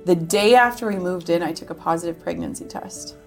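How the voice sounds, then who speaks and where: A woman's voice: fairly low pitch, fairly quick, vocal fry, soft background music. A woman from Minnesota, a guest on an interview podcast, chatting casually with frequent "like" fillers and acting out quoted conversations. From Minnesota, USA.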